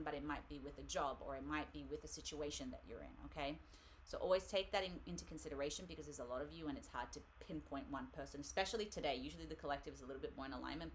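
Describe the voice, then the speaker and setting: A woman with a low voice hosts a live tarot reading, chatting casually and rambling while laughing often. There's slight background noise.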